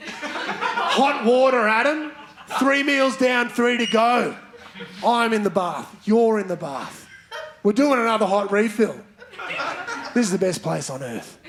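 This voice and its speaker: A man performing stand-up comedy in a theatre, teasing audience members and leading the crowd in chants. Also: high-pitched. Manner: playful, banters with audience members, leads chants. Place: large theatre stage. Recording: live theatre recording with crowd noise. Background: audience laughter.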